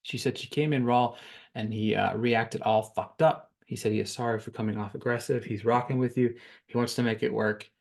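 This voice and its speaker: A man's voice: medium pitch, fairly even intonation, fairly quick, vocal fry, darkish tone. Casual rambling male podcast recapper. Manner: rambling, repeats words, frequent ums and cursing. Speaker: podcast host recapping a reality show.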